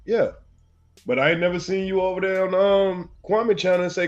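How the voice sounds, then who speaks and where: A man's voice: sits high, steady tone, normal speed. A man hosts a stream in a slightly raised voice, taunting critics and breaking into laughter between jabs. The sound is dull and lo-fi, with faint music underneath. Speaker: host of a reaction channel. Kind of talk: mocking live commentary.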